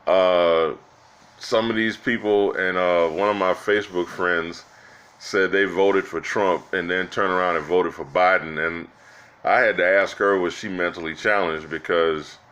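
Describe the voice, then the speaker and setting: Low-voiced man ranting on politics. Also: steady tone, measured pace, a bit bright, clear, resonant tone. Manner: rambling, exasperated, with frequent restarts; addresses viewers as "guys" and "y'all". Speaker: political vlogger. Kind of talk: casual political commentary.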